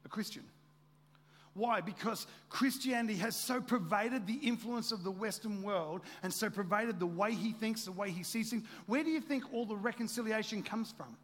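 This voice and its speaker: A male pastor preaches with energy, throwing question after question to his congregation. His voice sits high, and a long reverb from the big hall trails behind each phrase. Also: moderate pace. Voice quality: energetic, rhetorical questions to the crowd. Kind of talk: sermon. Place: church hall.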